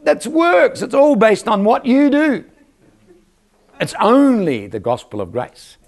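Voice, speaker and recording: Extremely high-pitched and creaky, this preacher's sing-song voice moves slowly. He weaves stories into his church sermon, throws out rhetorical questions, and calls on the crowd to say amen.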